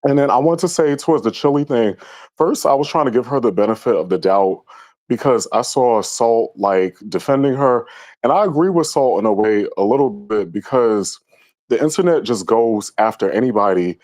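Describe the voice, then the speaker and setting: A man's voice: medium pitch, moderate pace, a little mellow. A man calling in to a show, giving his opinions with frequent hesitations. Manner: hesitant, many ums. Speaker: caller. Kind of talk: casual phone-in opinion.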